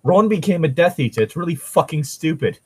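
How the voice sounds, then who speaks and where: A man's voice: on the high side, animated, a little fast, darkish tone, husky, no echo, rough recording. A young man co-hosting a fan fiction reading podcast, ranting sarcastically and swearing freely. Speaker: co-host.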